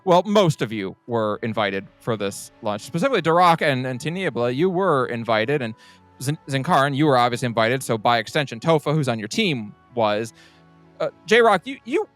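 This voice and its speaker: Relaxed man narrating as game master. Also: mid-range voice, normal speed. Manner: relaxed, hesitant narration with fillers. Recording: faint music behind the voice.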